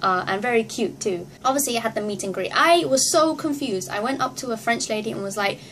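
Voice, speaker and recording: Excitable woman vlogger, higher voice. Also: fairly quick, slight background noise. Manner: excitable, acts out her own reactions with squeals and laughs. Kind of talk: casual storytelling to camera.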